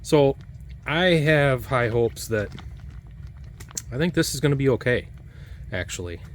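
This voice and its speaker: A man's voice: mid-range voice, expressive, slight background noise. A man casually talking through a taste test of old food, rambling and restarting his sentences a lot. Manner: rambling, halting, full of restarts and fillers. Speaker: food reviewer.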